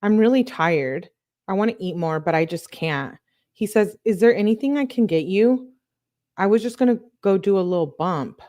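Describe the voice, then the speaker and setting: A woman's voice: mid-range voice, animated, moderate pace, dark tone. Casual woman commentator reading message logs aloud, dry asides, mid-range voice. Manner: casual, reacts with disgust and asides between messages. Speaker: true crime commentator.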